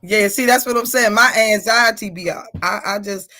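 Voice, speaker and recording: A woman in her forties hosting a casual live-streamed chat, telling stories in an animated, chatty way. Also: mid-range voice, moderate pace. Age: 40s.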